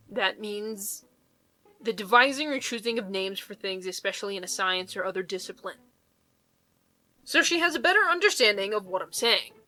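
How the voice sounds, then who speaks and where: A woman's voice: on the high side, bright, forceful tone, low-quality recording. A young woman reading online posts aloud and reacting with blunt, incredulous commentary and laughter. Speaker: YouTuber reading Reddit posts.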